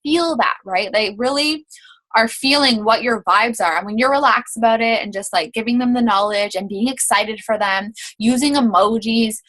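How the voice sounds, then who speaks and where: A woman's voice: on the high side, normal speed, fairly bright tone. A young woman coaching her sales team in a casual, chatty way, with many fillers, acting out sample messages.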